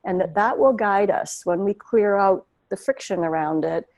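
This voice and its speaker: A woman's voice: mid-range voice, normal speed, a little mellow, no room sound. A woman speaking earnestly about spiritual healing, in flowing, emotive phrases. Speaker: guest. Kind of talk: heartfelt spiritual conversation.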